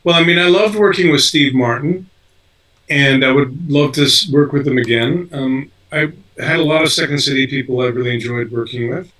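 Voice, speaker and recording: A man's voice: medium pitch, normal speed, fairly bright tone, recorded from a distance, poor audio. An older man, an actor being interviewed, talking casually with lots of fillers and restarts. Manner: rambling, many fillers and restarts. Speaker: actor guest.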